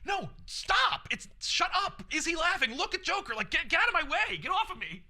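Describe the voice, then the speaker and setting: A man voicing a desperate, ranting male villain in a retold comic story, in a high, strained voice. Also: animated, moderate pace, pushed and bright. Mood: frantic. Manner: shrill, pleading, ranting.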